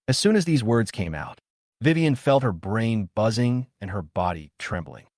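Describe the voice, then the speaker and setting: Man narrator for a manhwa recap, low and lively in pitch, dry studio sound. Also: moderate pace, no room sound.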